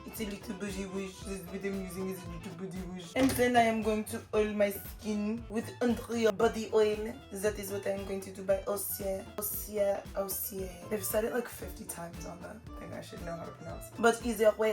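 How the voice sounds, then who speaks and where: A jokey mock foreign accent put on by a woman, hamming up every word as she pronounces it. The voice is softer and lower than her usual one. It is recorded in a roomy space with faint music underneath. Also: little pitch movement, moderate pace, hardly any pauses, lightly acted. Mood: playful. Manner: playful, hamming up pronunciations.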